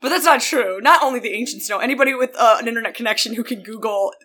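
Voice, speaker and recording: A woman co-hosting a casual podcast. She is sarcastic and quick with comebacks. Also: fairly high pitch, pushed and bright. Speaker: podcast co-host. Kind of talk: casual chat.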